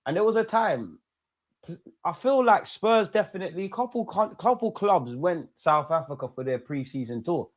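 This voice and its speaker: A man's voice: high-pitched, expressive, moderate pace, no echo, clean studio sound. Chatty man streaming live. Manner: chatty slang-heavy banter, shouting out viewers. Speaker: football watch-along streamer. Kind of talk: live reaction chat.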